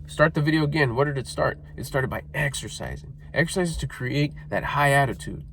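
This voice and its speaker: A man's voice: mid-range voice, expressive, brisk, gravelly, noisy background. A middle-aged man giving a blunt, profane motivational talk, scolding listeners and mocking their excuses in whiny put-on voices. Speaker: motivational speaker.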